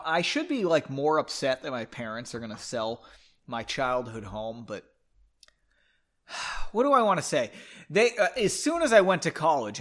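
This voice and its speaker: Man, podcast host, sarcastic book reading, animated, slightly high voice. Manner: sarcastic asides, mocking the text. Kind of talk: comedic book reading with drinking game.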